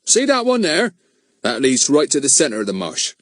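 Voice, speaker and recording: A man's voice: on the high side, huge pitch swings, moderate pace, no room sound, studio quality, pitched above the performer's own voice. A man voicing a helpful adult bus conductor giving advice.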